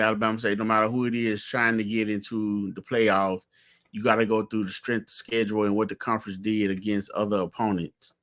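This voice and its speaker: Low-voiced man explaining calmly. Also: clean tone. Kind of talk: casual sports chat.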